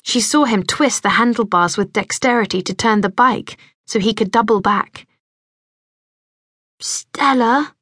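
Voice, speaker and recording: A woman reading an audiobook in scripted narration, measured and gentle, close to a studio mic. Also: medium pitch, no echo.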